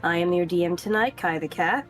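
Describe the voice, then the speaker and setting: A woman running a tabletop game over voice chat, recapping the last session in a casual, quick way with many fillers. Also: on the low side, over music. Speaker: game master.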